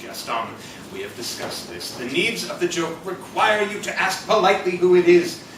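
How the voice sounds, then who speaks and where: A man's voice: high voice, sing-song, moderate pace, fairly bright tone. A man playing pompous fussy Antoine. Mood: stern. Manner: formal, pedantic, exasperated lecturing. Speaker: stage actor. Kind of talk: live stage comedy. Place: small theater stage. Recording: echoey theater from far off, faint hiss.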